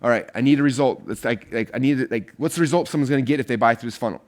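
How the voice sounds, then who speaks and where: A man teaching an online course, talking extremely fast in an energetic, rambling way. His voice sits at an ordinary pitch, and he fills his sentences with casual asides. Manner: energetic, rambling, many fillers. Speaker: online marketing course instructor.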